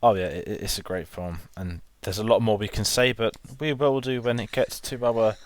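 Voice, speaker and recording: A man's voice: on the low side, steady tone, normal speed. A man co-hosting a film podcast, chatting enthusiastically and rambling with restarts. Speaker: podcast co-host. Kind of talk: casual film chat.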